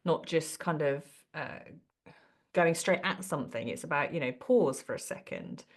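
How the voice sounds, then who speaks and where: A woman's voice: low voice, moderate pace. A woman hosting a podcast, speaking in a supportive, reflective way during casual conversation. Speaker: podcast host.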